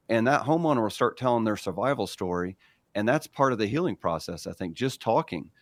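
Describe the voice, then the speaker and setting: A man's voice: fairly low pitch, lively intonation, fairly quick, no room sound. A man being interviewed on the radio, explaining relief work earnestly with frequent fillers. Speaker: relief organization executive. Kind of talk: conversational interview.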